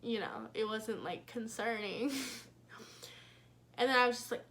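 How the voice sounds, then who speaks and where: Young woman vlogger, higher voice, meandering storyteller, casual cursing, wry jokes at her own expense. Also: a little slow, a bit bright. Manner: rambling, filler-heavy, swearing casually; wry self-mocking.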